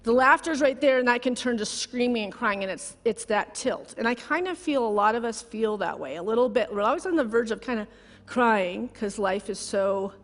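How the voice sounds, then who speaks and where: A woman's voice: on the high side, lively intonation, moderate pace. A middle-aged woman giving a heartfelt, conversational sermon built around a personal story, close to tears. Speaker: guest speaker. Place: large church sanctuary. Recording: long hall reverb.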